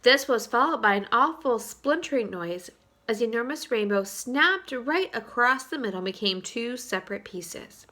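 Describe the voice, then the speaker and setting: Woman teacher, storybook read-aloud, expressive, high voice, bright tone. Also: moderate pace. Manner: clear, expressive reading with teacher asides. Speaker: third-grade teacher. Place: home, for virtual school.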